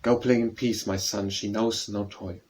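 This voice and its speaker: A man's voice: on the low side, steady tone, normal speed, a little mellow, close to an everyday voice. A man voicing a weary widowed father, speaking solemnly to his son in a storybook poem.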